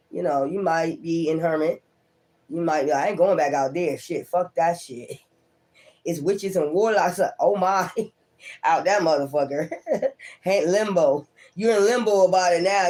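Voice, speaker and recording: A man does a casual tarot reading straight to the camera, swearing and laughing a lot and acting out viewers' thoughts in quick asides. His voice sits high and is a little mellow.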